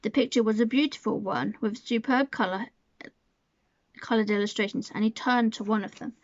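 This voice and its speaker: A woman reading a storybook aloud to listeners in a gentle, measured narration. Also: a little high, steady tone, dry recording. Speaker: storybook reader. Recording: dull lo-fi sound.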